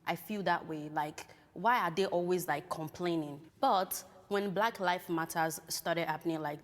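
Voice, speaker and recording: A woman from Africa with an African accent, talking earnestly and in measured terms in a podcast-style conversation. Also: fairly low pitch, long reverb tail. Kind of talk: reflective conversation.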